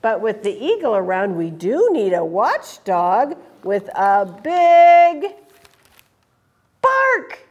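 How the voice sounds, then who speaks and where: A woman voicing an excited little prairie dog in a high, squeaky shout while reading a picture book aloud. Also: slow. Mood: alarmed.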